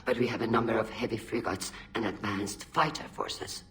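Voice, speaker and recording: An actor playing a composed male alien military officer who gives measured, formal briefings. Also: lowish voice, steady tone, a bit bright, close to an everyday voice.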